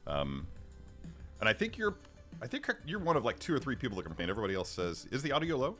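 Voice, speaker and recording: A middle-aged livestream host speaks quickly at medium pitch, his intonation swooping wildly and his tone a bit bright. He rambles casually with frequent restarts and small chuckles while reading the chat. A studio microphone picks him up over faint background music.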